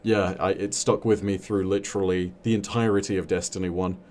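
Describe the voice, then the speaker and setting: A man being interviewed as a guest on a podcast. He talks reflectively about how he came to storytelling, with a measured delivery and many fillers. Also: low-pitched, fairly even intonation, a little mellow, slight background noise.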